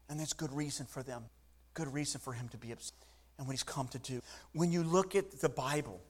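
A man preaching a sermon, animated and full of restarts, acting out the voices of people in the story. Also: mid-range voice. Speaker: pastor.

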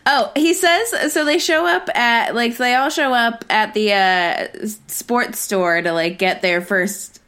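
A woman's voice: a little high, slow pace, hardly any pauses, fairly bright tone, smooth. A young woman co-hosting a podcast in casual chat, rambling along with lots of fillers and restarts. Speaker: podcast co-host.

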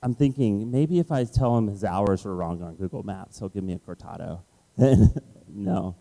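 A man preaching a sermon, telling a personal story in an animated way and acting out his own frustration. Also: fairly low pitch, normal speed, creaky, low-quality recording. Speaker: pastor. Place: Washington, D.C.

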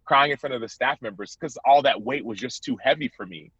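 Speaking candidly on a podcast, a man in his thirties who plays football tells his story earnestly, reenacting past exchanges with a rising voice. He talks briskly in a medium-pitched, husky voice with a fairly bright tone, recorded dry, dull and lo-fi.

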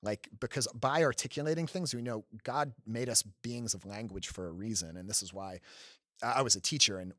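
A man's voice: lowish voice, fairly quick, fairly bright tone, dry recording, studio quality. A man hosting a podcast, talking earnestly in a casual faith conversation, restarting often and laughing easily. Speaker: podcast host.

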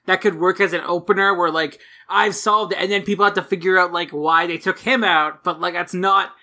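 A podcast co-host speaking casually in halting phrases, with many fillers and repeated words. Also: medium pitch, steady tone, sharp tone. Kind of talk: casual chat.

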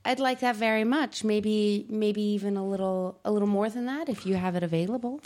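A woman at a tabletop game, talking through each move she makes. She is wry and deliberate, with an ordinary mid-range voice for a woman. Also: mid-range voice, darkish tone. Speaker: player.

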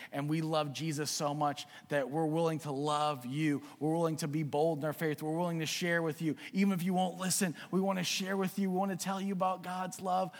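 A man preaching a sermon, earnestly urging his congregation and telling a story in an animated way. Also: a little high. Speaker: pastor. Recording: long reverb of a hall.

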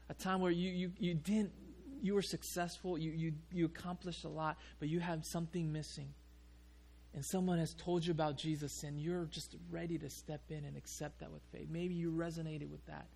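A male pastor preaching a sermon, telling a story in an animated way and often restarting his sentences. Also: fairly high pitch, normal speed, creaky.

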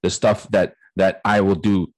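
A man in his late thirties with a low voice talks at a measured pace; the recording is rough, with no room sound. Co-hosting a podcast, he tells a swear-filled story casually, acting out quoted exchanges and laughing often.

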